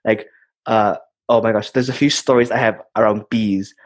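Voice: medium pitch, moderate pace. A young adult in a casual chat, telling stories with lots of fillers and restarts. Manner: animated storyteller, many fillers.

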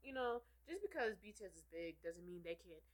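A woman's voice: mid-range voice, big pitch swings, brisk, poor audio. A woman co-hosting a casual chat, rambling and chatty with lots of fillers. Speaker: podcast co-host.

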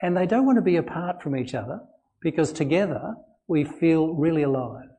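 A man's voice: a little high, animated, a little fast, warm tone. A male pastor preaching a sermon in a church, earnest and conversational, often repeating phrases and chuckling between points. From Australia.

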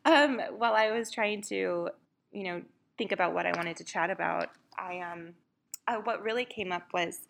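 A woman's voice: medium pitch, creaky, a bit bright. A young mother in a casual devotional talk, speaking earnestly and conversationally with many fillers. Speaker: mother sharing a faith story.

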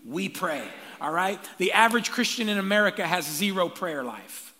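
A male pastor preaching a sermon with energy, calling out to the congregation for answers and building to shouts. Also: high-pitched, moderate pace. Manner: energetic call-and-response preaching, rising to shouts. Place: church sanctuary. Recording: long reverb of a large church hall.

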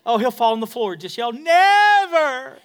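A male pastor delivering a sermon, swinging from shouting to a hush and calling for responses from the congregation. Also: very high-pitched, fast talker.

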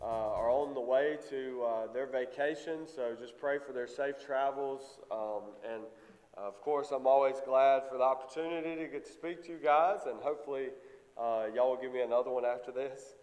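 A man's voice: mid-range voice, steady tone, darkish tone, soft background music. Congested man preaching in church. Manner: halting, many fillers. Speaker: lay preacher. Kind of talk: sermon with prayer. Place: church sanctuary. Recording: long church reverb.

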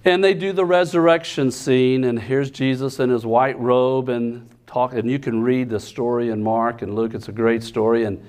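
A man preaching a sermon, telling a comic story with lively, animated delivery and sudden shouted outbursts. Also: medium pitch, normal speed, few pauses, clean tone. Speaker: pastor.

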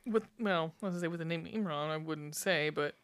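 A woman's voice: low-pitched, fast. A woman co-hosting a podcast, recapping a movie in casual chat, swearing freely and laughing often. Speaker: podcast co-host.

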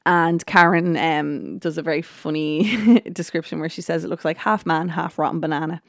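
A woman's voice: sits low, steady tone, normal speed, vocal fry, no room sound, clean studio sound. A woman hosting a podcast, chatting casually through an episode recap with plenty of ums, restarts and quoted lines. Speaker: podcast host.

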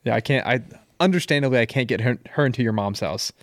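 A man co-hosting a podcast, joking and holding his ground with plenty of swearing. His voice is mid-pitched. The sound is dry and close. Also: animated, fast talker, dry recording. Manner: stubborn, joking, swears freely. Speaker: podcast co-host. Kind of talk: casual banter. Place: podcast studio.

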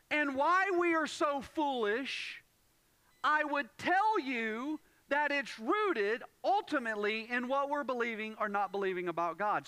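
A man delivers a sermon in a very high, bright voice that stays close and dry in the recording. He presses his points with emphasis, restating key phrases and rising to loud moments. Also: dry recording. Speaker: pastor.

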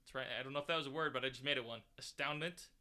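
Super bright voiced guy, animated casual sports podcast chat. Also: medium pitch, racing. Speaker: podcast co-host.

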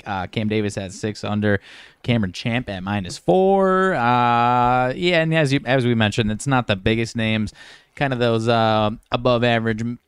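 A man's voice: mid-range voice, normal speed, clear, resonant tone, dry recording, clean studio sound. A man co-hosting a sports betting talk show, easygoing and chatty as he runs through odds. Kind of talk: casual chat.

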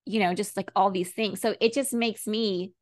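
A woman's voice: medium pitch, fairly even intonation, moderate pace, no room sound, studio quality. A woman co-hosting a podcast, chatting casually, supportive and asking probing questions. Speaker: podcast co-host. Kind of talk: casual chat.

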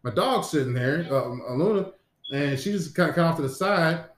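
A man's voice: fairly high pitch, animated, brisk. A man telling a long dream story in casual chat, full of restarts and cursing. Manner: rambling, profane, many restarts. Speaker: podcast co-host. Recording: echoey room.

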